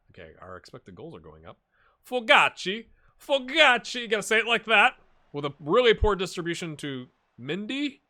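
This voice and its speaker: A man casually commentating his own football management game, chatty and rambling, with excited bursts at goals. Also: mid-range voice. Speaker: gaming YouTuber. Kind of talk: casual let's-play commentary.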